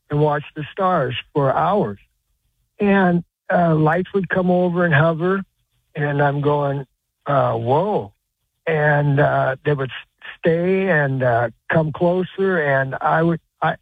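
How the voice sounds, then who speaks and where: Earnest caller on a tinny phone line. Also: male voice, on the high side, no echo. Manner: rambling, halting, many uh's and restarts, earnest. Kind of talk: telling a personal story on call-in radio.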